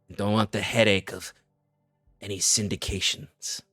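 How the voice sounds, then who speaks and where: A man's voice: lowish voice, little pitch movement, moderate pace, sharp tone, soft background music. A man voicing a cagey male smuggler who talks about himself in the third person. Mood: sly.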